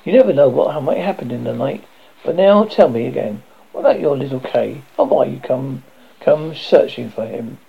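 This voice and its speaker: A man's voice: mid-range voice, animated, normal speed, vocal fry, breathy edge. A man voicing a bold, fierce little robber girl in a storybook reading, blunt and threatening. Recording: dull lo-fi recording.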